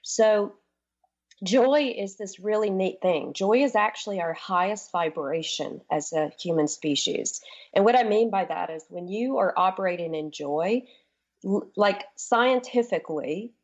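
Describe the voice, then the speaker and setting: An enthusiastic woman coach talks in a casual radio interview, her voice at a middle pitch. She rushes ahead in bursts, then stretches out key words. The sound is dull and lo-fi. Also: a little mellow. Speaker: guest, transformation coach.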